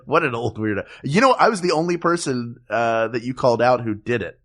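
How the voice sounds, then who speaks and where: A man's voice: mid-range voice, expressive, a little fast, fairly bright tone. A man co-hosting a comedy podcast, bantering casually and laughing often with his co-host.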